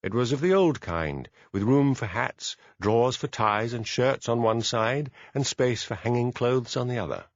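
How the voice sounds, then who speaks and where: A man narrating a mystery audiobook in a measured storytelling manner. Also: mid-range voice, no echo, dull audio. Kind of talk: scripted narration.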